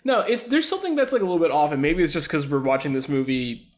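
A male podcast co-host with a voice pitched a little high for a man. He talks casually and hesitantly, fills his sentences with "like" and often trails off mid-thought. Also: animated, fast talker. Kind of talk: casual chat.

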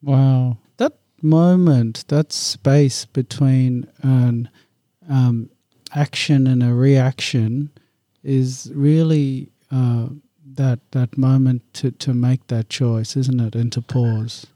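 A man hosting an interview, talking in a relaxed, hesitant, friendly way. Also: mid-range voice, slow pace, dry recording, studio quality. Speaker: host. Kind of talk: casual interview.

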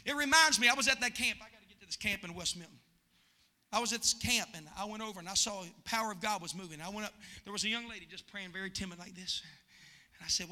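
A male pastor preaching a sermon, swinging from loud shouting to hushed storytelling. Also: high voice, fast talker.

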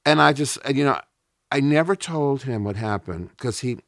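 A middle-aged Texan man, a guest on a podcast interview, tells personal stories candidly and emotionally, using blunt language. His medium-pitched voice is expressive and fairly bright, at a moderate pace, captured in a dry, clean studio recording.

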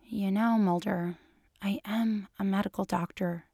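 A woman voicing a calm, dry-witted female doctor and FBI agent. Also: mid-range voice, unhurried, vocal fry, breathy edge, dry recording.

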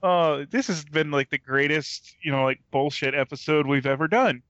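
Joking guy on a podcast, bright sharp voice, dry lo-fi mic. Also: a little high, dry recording. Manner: teasing, quick jokes. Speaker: podcast co-host. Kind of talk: casual chat. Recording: dry, muffled lo-fi audio.

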